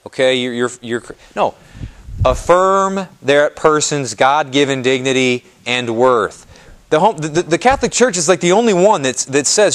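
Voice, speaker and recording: A man's voice: on the high side, normal speed. A man, a Catholic priest, giving a casual, conversational talk to a parish audience. He repeats phrases for emphasis, checks in often with the listeners and asks them questions. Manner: repeats phrases for emphasis, soothing "just calm down"; asks the audience questions and answers their replies. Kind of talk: parish presentation to a live audience.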